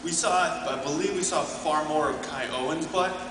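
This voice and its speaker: A man's voice: fairly high pitch, normal speed. Distant man asking a question in a hall. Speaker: audience questioner. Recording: echoey hall from far off, loud noise.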